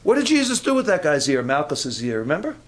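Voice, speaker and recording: A man's voice: on the high side, wildly swooping pitch, fast talker. A man preaching a conversational sermon with humorous asides and frequent restarts, rising into fervent emphasis.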